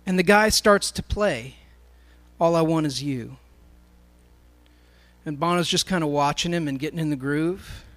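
High-voiced man telling a story. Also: unhurried, pauses often, a bit bright. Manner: storytelling, addressing a live audience. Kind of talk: sermon.

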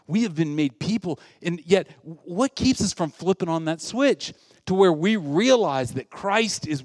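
A pastor giving a sermon to his congregation in earnest preaching style, swinging between loud emphasis and soft asides. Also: on the high side, no room sound, studio quality, long reverb tail.

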